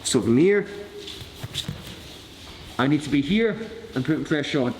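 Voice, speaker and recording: Glaswegian guy teaching a grappling class, slightly high voice, cracks jokes and swears a lot. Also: expressive, unhurried, a little mellow, big-room sound, a little hiss or hum. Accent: Glaswegian Scottish. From Glasgow, Scotland. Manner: jokey, cheeky, swears freely. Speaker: martial arts instructor. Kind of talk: live class demonstration. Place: training mat with a class around him.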